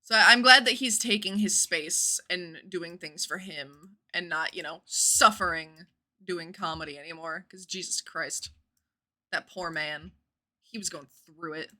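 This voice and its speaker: A woman's voice: lowish voice, measured pace, sharp tone. A woman in her twenties, a livestreamer chatting casually and rambling while she plays a game, with the odd casual swear.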